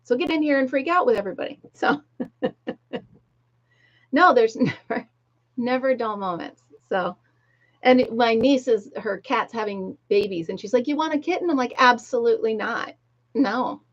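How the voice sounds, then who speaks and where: A woman's voice: on the high side, measured pace, pauses often. A middle-aged woman chatting casually to viewers on a livestream, telling stories and laughing often. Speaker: livestream host. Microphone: laptop mic. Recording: dull lo-fi laptop audio.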